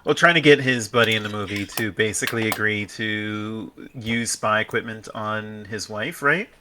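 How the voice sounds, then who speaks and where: Man in his thirties, lowish voice, rambling anecdote teller. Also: normal speed, background noise. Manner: rambling, laughs through the punchlines. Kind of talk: casual storytelling chat.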